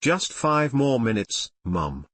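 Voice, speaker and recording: Boastful playful teenage boy, read by a man; sarcastic, lively, dry close sound. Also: medium pitch, slow pace, no room sound, heavily acted. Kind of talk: audiobook reading of fan fiction.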